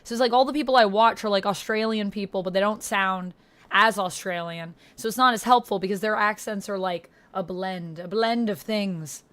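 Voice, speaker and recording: A woman's voice: medium pitch, normal speed, fairly bright tone. A woman streamer chatting casually and rambling to her viewers during a livestream.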